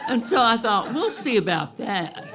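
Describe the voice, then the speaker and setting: A woman telling a true story on stage to a live audience, wry and unhurried, often chuckling. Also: fairly high pitch, sing-song, background noise.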